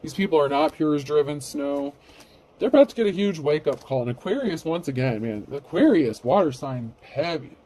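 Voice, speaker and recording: A man's voice: on the high side, expressive, normal speed, dark tone, slight background noise. A man giving a casual, rambling tarot reading, blunt and freely swearing. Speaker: tarot reader.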